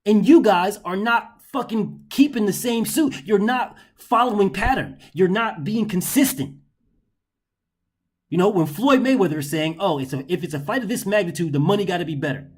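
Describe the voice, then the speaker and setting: A man hosting a boxing commentary show, ranting in an exasperated, profane way and hammering points through repetition. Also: sits high.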